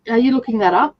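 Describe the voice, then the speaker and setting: A woman's voice: on the high side, no room sound, lo-fi sound. An Australian woman hosting a casual reading livestream, chatty and laughing often as she greets viewers. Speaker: reading sprint host.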